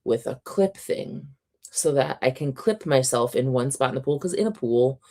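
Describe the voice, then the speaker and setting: A woman hosting a casual reading livestream at home, chatty and quick to laugh, her voice a little sore and scratchy. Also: very deep voice, animated, darkish tone. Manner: chatty, reads out chat comments, laughs often. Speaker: reading sprint livestream host.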